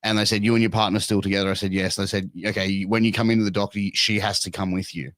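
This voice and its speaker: A man's voice: lowish voice, little pitch movement, fast talker, fairly bright tone, no room sound. A man in his thirties with an Australian accent, telling a crude story in casual chat and swearing a lot. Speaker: podcast guest.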